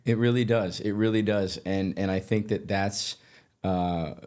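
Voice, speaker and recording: A man from Colorado hosting a podcast, telling stories in a casual, animated way with lots of restarts. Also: lowish voice, a little slow. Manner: animated, self-interrupting storyteller. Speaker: podcast host, actor. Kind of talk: casual storytelling chat.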